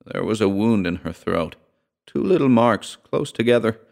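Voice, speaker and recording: Male reader as a drunk, grieving man, flat and dead-voiced, low and menacing. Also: normal speed, vocal fry. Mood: dull menace.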